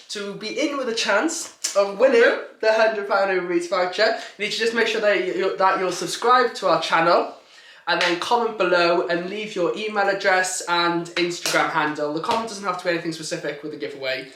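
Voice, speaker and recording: A man's voice: high voice, moderate pace, noisy background. A man in his twenties chatting casually on a sofa, laid-back. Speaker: vlogger. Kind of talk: casual chat. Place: living room sofa. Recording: roomy echo.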